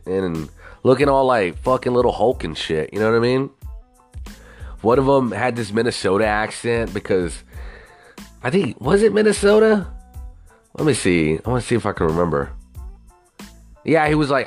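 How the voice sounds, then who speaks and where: A young man with a lowish voice hosts a podcast at a moderate pace, soft music playing behind him. He rants casually and animatedly in a solo episode, swearing a lot and wandering off into rambling asides.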